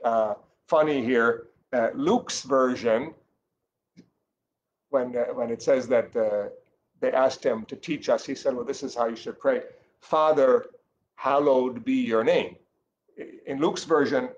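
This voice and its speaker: Catechist, male, mid-pitched, earnest teaching tone with fillers and restarts, slightly muffled take with faint background noise. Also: measured pace.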